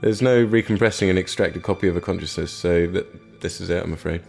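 Man doing an awkward doctor, hesitant, low-voiced, apologetic. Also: brisk, gravelly, darkish tone, faint music behind.

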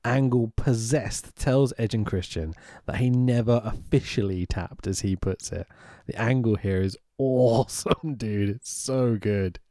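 A man casually co-hosting a podcast, excitable and sweary, laughing often as he recaps. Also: fairly low pitch, measured pace, hardly any pauses, no room sound, studio quality. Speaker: podcast co-host recapping wrestling. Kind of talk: casual chat.

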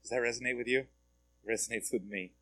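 A man's voice: mid-range voice, fairly even intonation, fast, a bit bright, dry recording. A man giving a conversational sermon as a pastor, often asking his listeners direct questions and repeating words as he goes.

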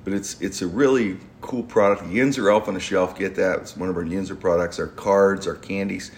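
A middle-aged man tells a story on a podcast in a low, gravelly voice. He rambles, trips over his words and restarts sentences in a loose, chatty way. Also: fairly quick, slight background noise. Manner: rambling, stumbling restarts, animated laughing storyteller. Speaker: podcast host. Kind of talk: casual storytelling chat.

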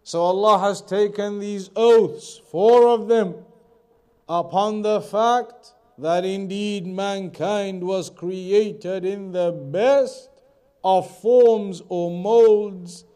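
A man teaching a scripture lesson, explaining each verse in a measured way and repeating key phrases for emphasis. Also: high-pitched, steady tone, darkish tone, clear, resonant tone. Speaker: religious teacher.

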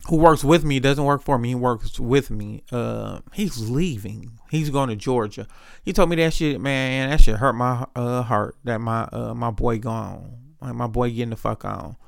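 Male podcast host, gravelly, dry close sound, loose rambling slang-heavy storytelling. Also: mid-range voice, fairly bright tone, no echo. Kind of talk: casual solo monologue.

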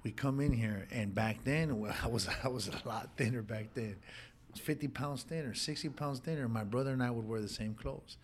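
A man's voice: mid-range voice, moderate pace, slight background noise. A man telling an emotional personal story in casual street slang, calling his listener dog and homie. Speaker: guest sharing his life story.

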